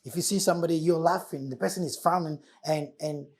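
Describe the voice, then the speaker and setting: A man's voice: on the high side, fairly even intonation, fast, husky. A man hosting a motivational talk, preaching life lessons with emphatic, repeated phrases. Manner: preacherly, repeating key words with emphatic swells. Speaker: host.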